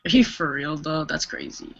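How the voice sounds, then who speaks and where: A woman's voice: low-pitched, wildly swooping pitch, moderate pace, creaky. A woman chatting casually on a video call about her reaction channel, with lots of "like". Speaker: K-pop reaction YouTuber, guest. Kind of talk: casual chat. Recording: muffled lo-fi call audio.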